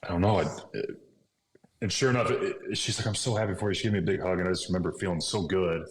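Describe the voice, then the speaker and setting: A man's voice: deep voice, racing. A man in his thirties, a podcast guest, earnestly retelling a personal story and dropping into whispers for remembered thoughts. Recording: echoey room with faint noise.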